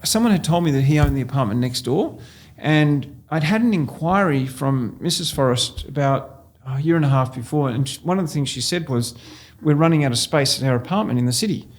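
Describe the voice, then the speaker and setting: A man's voice: on the high side, fairly quick, few pauses. An Australian man, a real estate agent, telling anecdotes in a casual interview and often laughing as he goes. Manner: animated storyteller, laughs while telling anecdotes.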